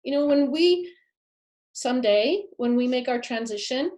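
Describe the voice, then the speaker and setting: A woman with a fairly high voice teaches a live masterclass, speaking earnestly to her audience. She leans hard on key phrases and repeats them for emphasis. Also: animated, a little slow, darkish tone. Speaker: pet afterlife speaker.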